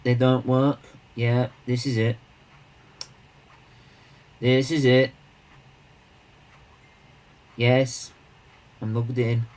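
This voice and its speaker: A man hosting a casual charity livestream, rambling and repeating himself, with bursts of excited emphasis. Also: mid-range voice, extremely slow, pauses often, low-quality recording.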